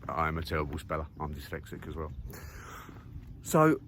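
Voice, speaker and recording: A man's voice: extremely low pitch, sing-song, normal speed, very noisy. A man talking casually while walking outdoors, thinking aloud with lots of fillers and restarts. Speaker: vlogger. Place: outdoors on a muddy countryside walk.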